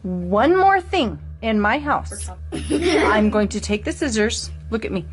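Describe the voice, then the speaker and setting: A woman talking to the camera in a home vlog, in a calm, matter-of-fact way. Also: on the high side, slow, heavy background noise. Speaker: family vlogger.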